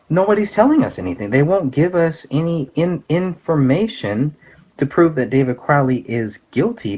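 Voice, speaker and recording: A man hosting a casual commentary show, talking in an earnest, halting way with many fillers and restarts. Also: medium pitch, darkish tone. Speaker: podcast host.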